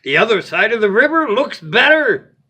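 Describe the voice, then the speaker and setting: Gruff, a man putting on a jeering bully goat. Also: big pitch swings, moderate pace, full character voice. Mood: boastful. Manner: jeering, loud and high. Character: small mean bullying male goat, jeering.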